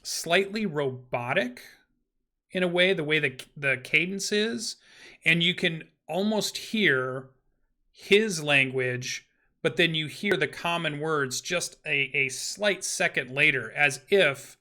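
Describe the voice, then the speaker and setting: A man narrating a tabletop game as game master, talking haltingly, with many ums and restarts. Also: fairly high pitch, lively intonation, pushed and bright.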